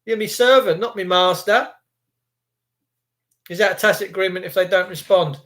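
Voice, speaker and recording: A man's voice: sits high, moderate pace, a bit bright. A man, ranting and swearing angrily to viewers on a live stream, with sarcastic asides.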